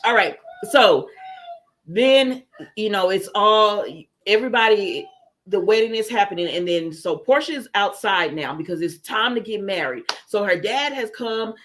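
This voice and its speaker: A woman's voice: mid-range voice, expressive, normal speed, fairly bright tone. Casting note: woman livestream host with a middle-range voice, chatty recap, reacts to chat. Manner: chatty, retells scenes and reads out viewer comments. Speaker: soap opera reviewer. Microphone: livestream setup with computer microphone.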